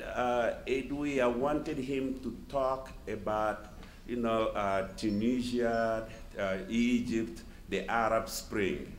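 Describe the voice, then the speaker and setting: A man's voice: lowish voice, a little hiss or hum. A man from Mali hosting an event and introducing a speaker, hesitant, with many fillers. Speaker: event host. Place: lecture hall. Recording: roomy hall sound, faint ambience.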